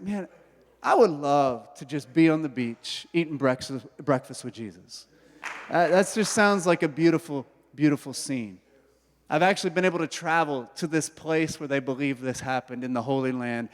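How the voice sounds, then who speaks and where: A pastor preaching a sermon, telling the story in a lively way and acting out the characters' thoughts. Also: male voice, a little high. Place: church hall. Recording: hall reverb.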